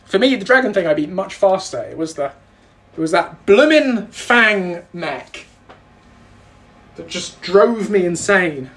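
A man's voice: high voice, expressive, a little slow, fairly bright tone. A British man hosting a casual baking livestream, joking, self-deprecating and rambling as he chats with his viewers. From Britain. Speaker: livestream host.

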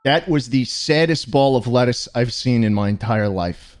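A young man streaming a motion-control cooking game, giving sarcastic comedic commentary and breaking into shouts and laughter. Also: medium pitch, normal speed. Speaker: gaming streamer.

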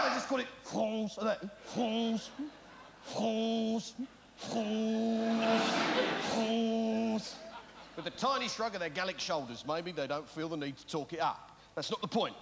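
Blustering comedian in a big theatre. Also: male voice, high-pitched. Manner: blustering, bantering with the audience, tag questions. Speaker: stand-up comedian. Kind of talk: stand-up comedy set. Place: large theatre stage. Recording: reverberant theatre, loud crowd noise. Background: loud audience laughter.

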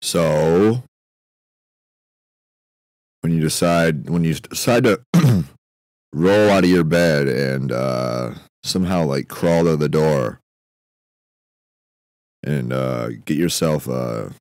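A young man hosting a podcast, rambling through a comedic monologue in a meandering, deadpan way, often stopping himself mid-thought. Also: very deep voice, takes it slowly, long pauses, dry recording, studio quality. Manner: meandering, self-interrupting, deadpan musing with frequent fillers. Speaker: podcast host.

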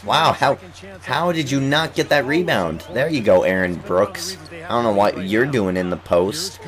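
A young man, a gaming YouTuber, gives casual and excitable let's-play commentary on a basketball game while soft music plays in the background. His pitch is medium and his pace a little slow; he coughs now and then as he recovers from illness and trash-talks the players on screen.

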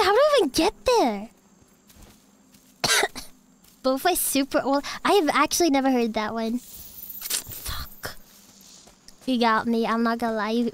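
A woman's voice: on the high side, a little hiss or hum. A sick, coughing woman streamer chatting casually with viewers as she plays, giggly and swearing a lot. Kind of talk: casual live-stream chat while gaming. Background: game music.

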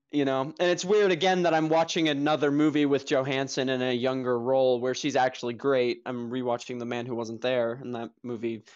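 A man's voice: medium pitch, muffled recording. Rambling young man on a film podcast. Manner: rambling, filler-heavy, profane, enthusiastic. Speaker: podcast co-host, film reviewer. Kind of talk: casual film discussion.

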